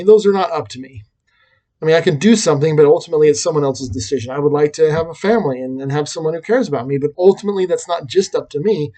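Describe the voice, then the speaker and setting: A man's voice: on the high side, dark tone. A man talking through a reflective personal vlog, rambling and self-deprecating, with frequent restarts. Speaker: vlogger and teacher.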